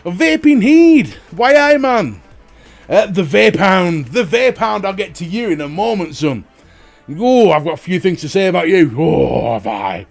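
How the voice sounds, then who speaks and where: Jokey male stream host, high and animated, light music underneath. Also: moderate pace, vocal fry. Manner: jokey, animated, swears freely. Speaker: livestream host. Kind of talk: casual chat greeting viewers.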